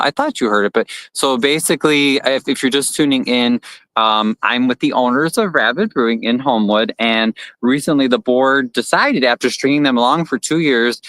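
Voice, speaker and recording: A man hosting a livestream interview, asking quick, curious questions full of fillers. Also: medium pitch, fairly bright tone, clean tone, dry recording, poor audio. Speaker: host.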